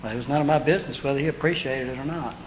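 A man preaching a storytelling sermon, animated, acting out the voices of people he quotes. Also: medium pitch, racing. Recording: dull lo-fi sound with faint hiss.

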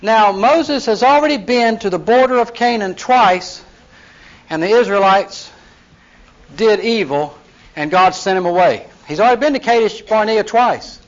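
High-voiced man teaching Bible class. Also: a little slow. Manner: retells scripture in lively acted voices, asks the class questions. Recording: dull lo-fi recording.

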